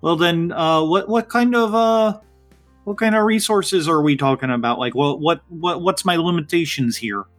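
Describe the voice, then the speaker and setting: A man's voice: fairly high pitch, a bit bright, faint music behind, pitched above the performer's own voice, lightly acted. A thoughtful Midwestern mother from a tabletop game, put on by a man in a voice close to his own. She works things out aloud. She halts and repeats herself as she goes. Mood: pondering. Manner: halting, repeats herself while thinking. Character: plain Midwestern mom, middle-aged, thoughtful.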